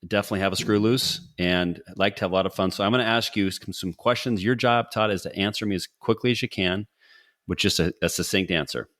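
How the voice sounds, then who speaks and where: A middle-aged man hosting a podcast in a casual, upbeat and jokey way, firing off quick quiz questions. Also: deep voice, fairly bright tone. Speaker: podcast host. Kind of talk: casual interview talk.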